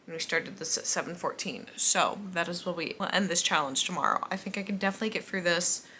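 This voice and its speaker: A woman's voice: lowish voice, quick pace, bright, forceful tone, slight background noise. A tired young woman chatting casually at home late at night, yawning and poking fun at herself as she talks about a book. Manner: chatty, self-mocking, yawning. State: sleepy, tired. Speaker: book vlogger. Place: at home indoors.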